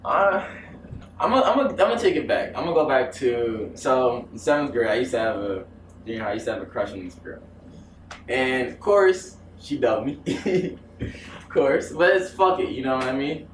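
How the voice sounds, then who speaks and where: A laid-back young man chats casually, slangy and quick to laugh. He is recorded from across an echoey room. An audible hiss runs under his voice. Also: medium pitch, animated. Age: young adult. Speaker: interviewee. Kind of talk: casual chat. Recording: echoey room, mic from far off.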